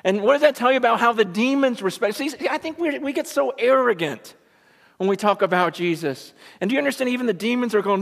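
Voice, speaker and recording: A man's voice: very high voice, lively intonation, fast talker, vocal fry. A man preaching a sermon in a church, emphatic and full of rhetorical questions to his congregation. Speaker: pastor. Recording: echoey hall, preached live.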